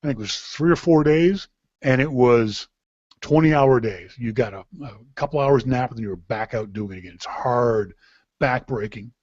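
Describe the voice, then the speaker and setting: A man's voice: medium pitch, moderate pace, a little mellow, dry recording. A man from Canada hosting a live podcast in a casual, rambling way, with frequent restarts. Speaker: podcast host. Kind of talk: casual chat. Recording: dull, dry lo-fi sound.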